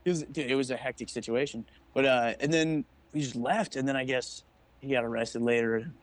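On a casual chat podcast, a young male co-host tells spirited stories loaded with swearing, voicing the quotes as he goes. His voice is mid-range and a little fast, with slight hiss or hum in the audio.

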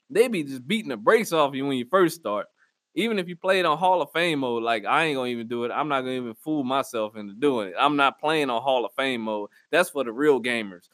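A man whose voice is a little high and a bit bright hosts his own podcast with clean studio sound and no room sound. His solo chat is casual, rambling, full of jokes and slang.

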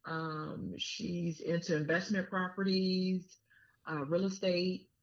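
A woman's voice: lowish voice, little pitch movement, takes it slowly. A woman guest on a podcast, casually telling a story with lots of fillers and restarts. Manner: chatty, many fillers and restarts. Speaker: podcast guest, business owner. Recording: muffled lo-fi sound.

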